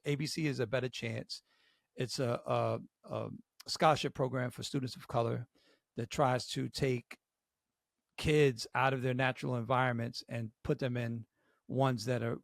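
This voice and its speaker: A middle-aged man co-hosting a podcast, telling an animated story full of slang. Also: medium pitch, creaky, no echo, studio quality. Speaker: podcast co-host.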